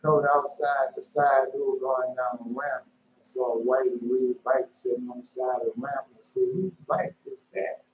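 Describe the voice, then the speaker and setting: A man preaching informally and telling a dream, emphatic, repeating his phrases and jumping into sudden high shouts. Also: level tone, normal speed. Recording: echoey room with faint noise.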